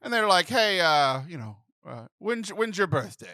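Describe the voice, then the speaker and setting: A man in his thirties hosting a podcast, telling a comic story with animated, laughing delivery and exasperated outbursts. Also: high-pitched, normal speed, no room sound, studio quality. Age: 30s. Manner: animated, laughing, acts out phone voices in exasperated bursts. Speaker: podcast host. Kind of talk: comedic storytelling chat.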